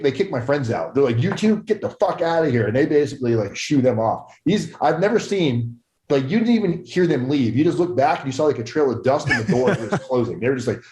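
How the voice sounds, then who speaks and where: Medium-pitched and dark in tone, a young adult man's voice carries a casual podcast-guest story laced with frequent swearing and impressions of other people's voices. The audio has a roomy echo.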